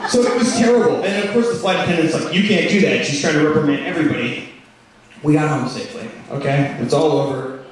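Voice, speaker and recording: A young man doing stand-up, telling stories with animated delivery and loud shouted impressions. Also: on the high side, fast talker. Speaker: stand-up comedian. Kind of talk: stand-up storytelling. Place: comedy club stage. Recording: roomy club sound from a distance with crowd laughter. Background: audience laughing.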